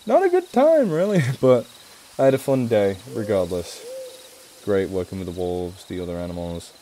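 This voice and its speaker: A man's voice: deep voice, normal speed, dark tone, a little hiss or hum. A young English man chatting casually on a charity live stream, rambling and self-mocking. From England.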